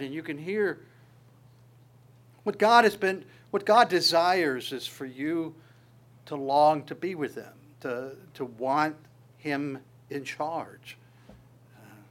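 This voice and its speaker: A man preaching a sermon in an earnest way, rising louder when he quotes scripture and dropping soft on asides, often repeating words as he restarts. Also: a little high. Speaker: pastor.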